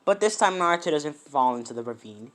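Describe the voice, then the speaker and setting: A man narrating a fan story he makes up as he goes. He rambles, fills pauses with um and uh, and corrects himself mid-sentence in a loose, casual way. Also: a little high, expressive, fairly bright tone. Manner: rambling, many fillers and self-corrections.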